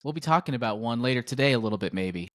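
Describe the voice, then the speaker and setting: Fast-talking man hosting a podcast. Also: mid-range voice, expressive, fairly bright tone, no room sound, studio quality. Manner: quick, teasing interviewer. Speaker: podcast host. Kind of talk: casual chat.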